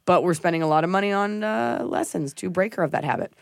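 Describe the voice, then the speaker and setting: A woman's voice: fairly low pitch, quick pace, clear, resonant tone, no room sound, studio quality. A woman comedian co-hosting a podcast, telling stories in blunt, profane casual chat. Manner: blunt, profane, animated storytelling.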